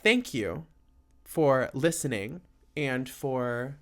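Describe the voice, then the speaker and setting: Casual male podcast host, loose and rambling, mid-pitched, plenty of ums and likes. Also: lively intonation, measured pace, a bit bright. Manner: rambling, laid-back, filler-heavy. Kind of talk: casual solo chat.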